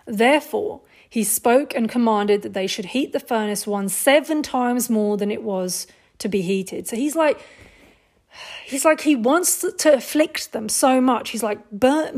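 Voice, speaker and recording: A woman giving an informal Bible teaching, earnest and emphatic, putting rhetorical questions to her listeners and leaning on "like" as she explains. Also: on the high side.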